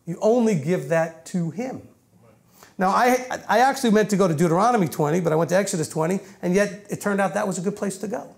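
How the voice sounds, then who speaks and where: Guy with a high voice giving a chatty sermon on a mic, restarts a lot. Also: rapid-fire, creaky, few pauses. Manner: conversational, rambling teaching with self-corrections. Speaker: rabbi teaching a congregation. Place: meeting room with about 150 people. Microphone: microphone.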